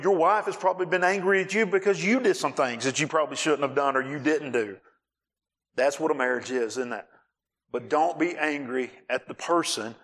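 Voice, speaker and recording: A male pastor preaching a sermon on marriage, animated, acting out scenes and raising his voice for emphasis. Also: on the high side.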